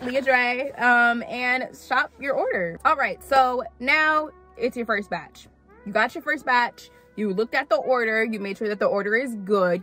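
Chatty woman vlogger calling viewers honey. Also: mid-range voice. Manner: chatty, animated, calls viewers honey, repeats for emphasis. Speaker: vlogger giving gig-work tips. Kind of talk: casual tips vlog talking to camera.

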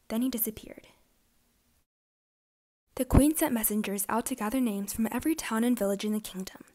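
A woman reading a fairytale aloud for young children, clear and expressive. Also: medium pitch, brisk. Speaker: storybook reader. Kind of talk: children's storybook narration.

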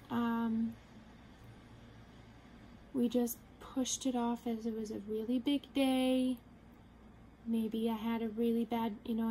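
Young woman vlogging her story, kinda high but mellow voice, halting, earnest, faint hiss behind. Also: poor audio. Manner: earnest, halting, retelling with quoted inner thoughts. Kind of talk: personal storytelling to camera.

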